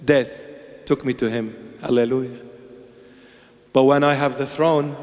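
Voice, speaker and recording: A man's voice: mid-range voice, fairly even intonation, a little slow, long pauses, a little mellow. A man delivering an emphatic, theatrical sermon as a preacher. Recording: long echoing reverb.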